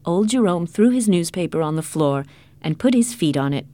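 A woman reading a story aloud in a clear, measured way. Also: on the low side, lively intonation, dark tone, no room sound. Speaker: narrator. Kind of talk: scripted storybook narration.

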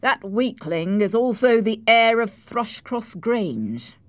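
A woman's voice: a little high, very animated, takes it slowly, no echo, pitched above the performer's own voice. A woman voicing a harsh, scheming male landowner in an audiobook, speaking in a commanding, cold and sarcastic way. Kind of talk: audiobook character reading.

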